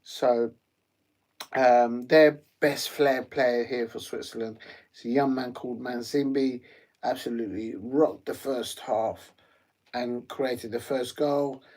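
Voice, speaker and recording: A man's voice: medium pitch, darkish tone. A man hosting a live football watch-along, chatty and rambling, with lots of ums and uhs. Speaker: live stream host.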